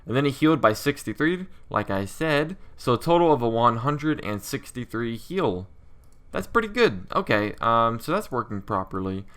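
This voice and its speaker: Low-ish bright-voiced guy rambling through his game code, lots of ums. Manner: thinks aloud with many fillers. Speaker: indie game developer. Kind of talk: casual coding walkthrough.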